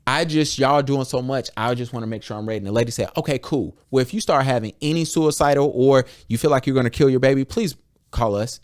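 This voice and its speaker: A man's voice: mid-range voice, fast talker. Blunt, profane man talking on a podcast. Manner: blunt and profane, retells conversations in quotes. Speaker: podcast host. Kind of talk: candid casual podcast talk.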